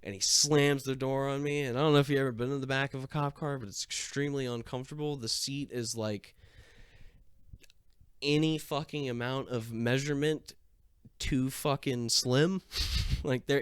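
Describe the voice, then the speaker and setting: Smooth, dry-voiced man telling a profane story. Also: mid-range voice, steady tone, normal speed, fairly bright tone, no room sound. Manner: swears constantly, acts out every exchange. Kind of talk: casual comic storytelling.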